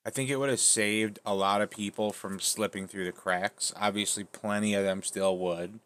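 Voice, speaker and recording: A man with a fairly low voice hosts a casual discussion. He weighs his words and hedges his opinions in an easygoing way. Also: steady tone, moderate pace, a bit bright. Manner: thoughtful, hedging. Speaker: stream host. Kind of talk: casual debate chat.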